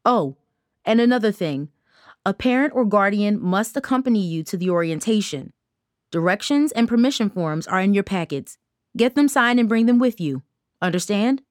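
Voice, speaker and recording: A woman's voice: medium pitch, expressive, normal speed, no room sound, clean studio sound, close to an everyday voice. A woman voicing a firm female school counselor giving instructions in a storybook reading. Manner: stern, instructing.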